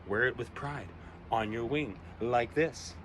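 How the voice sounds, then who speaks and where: A man as a gentle mother seagull. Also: medium pitch, unhurried, background noise, close to an everyday voice. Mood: tender. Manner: tender, reassuring.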